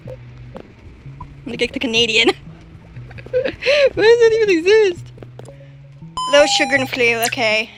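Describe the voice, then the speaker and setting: A young woman commenting as she plays a video game, excitable and panicky and full of nervous filler sounds. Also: high-pitched, takes it slowly, long pauses. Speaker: gamer playing a video game. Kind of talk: gameplay commentary. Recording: game music playing clearly behind.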